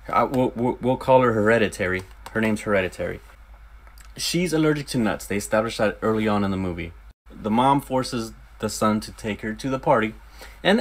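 A young man casually retelling a horror movie's scenes in a profane, animated review, slipping in quick acted quotes. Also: medium pitch.

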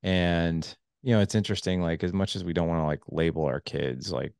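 Deep-voiced middle-aged guy hosting a podcast, chatty and animated, lots of "like", dry sound. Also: a little fast, creaky, smooth, no echo. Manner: animated storyteller, many fillers, voice jumps high when quoting. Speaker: podcast host. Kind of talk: casual podcast interview.

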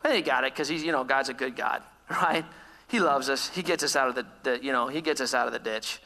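A man's voice: mid-range voice, brisk, sharp tone. Upbeat man preaching in a reverberant church. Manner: storytelling, self-deprecating, laughs often. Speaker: pastor. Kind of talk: sermon. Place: church hall.

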